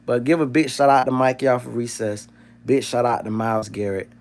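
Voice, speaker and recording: A man's voice: medium pitch, level tone, brisk. A man hosting a livestream, talking in a loose, profane, joking rant. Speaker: livestream host.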